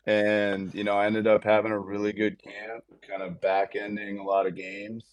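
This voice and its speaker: On a podcast, a baseball player in his thirties tells a long story at a moderate pace in a voice on the low side. He keeps it casual and animated, voicing the quotes of each person involved and using many fillers.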